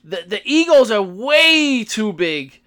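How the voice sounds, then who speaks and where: A man with a high, bright and clear voice talks shop casually on a podcast. He laughs easily and walks through his choices one by one, giving a reason for each. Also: big pitch swings, takes it slowly. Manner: laughs often, lists picks with reasons. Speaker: podcast co-host. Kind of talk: casual wrestling chat.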